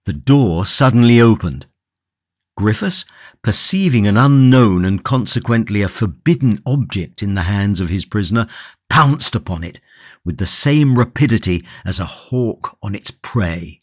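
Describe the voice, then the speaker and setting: A man narrating a classic novel audiobook in a measured, steady reading from a close studio mic. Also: fairly low pitch, no echo. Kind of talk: scripted narration.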